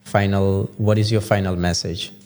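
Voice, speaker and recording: A man's voice: deep voice, flat delivery, normal speed, a little mellow. A man hosting an interview show, asking questions in a casual way and often repeating his words. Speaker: show host. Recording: long room reverb, faint hum.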